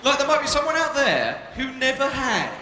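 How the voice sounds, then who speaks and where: Very high-pitched and very animated, a young British man talks at normal speed while doing live stand-up. He banters cheekily and provocatively with the crowd in British English from a big arena stage, the sound echoing with long reverb and audience noise.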